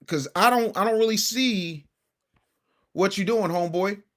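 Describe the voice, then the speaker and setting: A man's voice: high voice, measured pace, a bit bright. A man hosting a casual livestream commentary show, brash and combative, talking straight to his chat.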